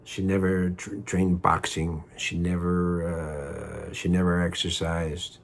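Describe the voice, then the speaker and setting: A man's voice: low voice, level tone, slow pace. A man telling a personal story in a heated, rambling way, repeating himself and swearing.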